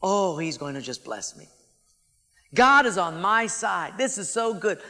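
A male preacher delivers a sermon in a high, bright voice, shifting from loud emphasis to quiet, slow lines. His voice rings with a long reverb from a large hall. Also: very animated. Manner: dramatic, swings from loud to hushed.

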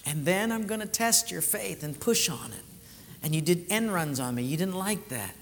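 A male pastor with a bright, forceful, slightly high voice, preaching and acting out the voices in his stories. His sermon rings through a large hall with a long reverb tail. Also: normal speed, a little hiss or hum. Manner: animated storytelling, acts out quoted voices.

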